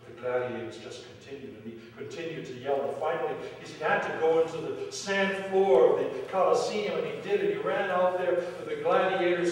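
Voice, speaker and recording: A man preaching a sermon as pastor, telling a story that swells to loud dramatic peaks and falls back to quiet. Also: brisk, hardly any pauses. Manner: storytelling, rising to loud dramatic peaks then dropping low. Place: church sanctuary. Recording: echoey hall from far off, faint hiss.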